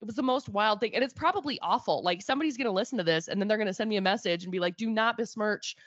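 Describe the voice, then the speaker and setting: A young woman from Utah co-hosting a casual podcast, rambling and animated and poking fun at herself. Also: mid-range voice, racing, dry recording, lo-fi sound. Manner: rambling, animated, self-deprecating. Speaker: podcast co-host. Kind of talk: casual chat.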